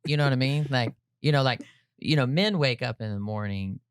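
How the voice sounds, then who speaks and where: A man telling a personal story on a podcast, lively and folksy, often tossing in "right?" and "you know" as he goes. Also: mid-range voice, brisk, clean tone, no echo, clean studio sound. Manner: energetic, peppers talk with "right?" and "like, you know"; addresses listeners directly, folksy and humorous. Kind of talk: animated conversational storytelling.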